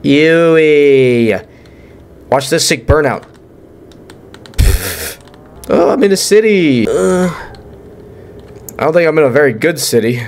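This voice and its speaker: An excitable young man narrates his own horror playthrough with jokes and loud reactions. His voice sits a little high and swings widely in pitch. Faint room noise and typing stay in the background. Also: unhurried, long pauses. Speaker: gaming YouTuber. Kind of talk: let's play commentary.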